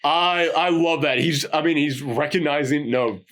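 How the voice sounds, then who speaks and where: A man's voice: fairly high pitch, moderate pace, a bit bright. A man co-hosting a casual movie review podcast, acting out quotes from the film in dramatic voices. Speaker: podcast co-host.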